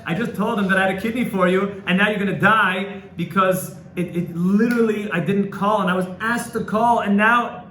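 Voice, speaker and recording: A man's voice: fairly even intonation, moderate pace, few pauses, pushed and bright. A man voicing a guilt-stricken man who stumbles over his confession, in an echoey room. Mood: anguished. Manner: anguished, stumbling, rising in pitch. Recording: echoey room with faint noise.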